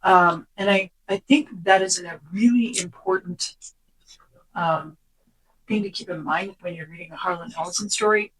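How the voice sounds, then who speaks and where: Casual and animated, the podcast co-host summarizes from notes and now and then whispers the quoted lines. Pitch is medium, pace is moderate, and the recording is rough.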